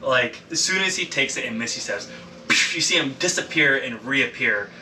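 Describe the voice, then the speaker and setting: A man's voice: mid-range voice, animated, normal speed, sharp tone, roomy sound. A man narrating as dungeon master at a game table, loose and rambling, with lots of ums and casual swearing. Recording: distant mic with clear background noise.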